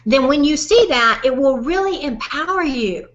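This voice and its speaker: Animated Southern woman coaching a webinar. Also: high voice, normal speed, highs cut off. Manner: animated, folksy and direct, calls listener "honey". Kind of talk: motivational webinar talk.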